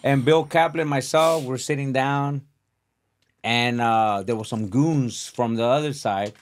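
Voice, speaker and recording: A man's voice: medium pitch, unhurried. A man who is a guest on a podcast, telling rambling anecdotes in casual chat.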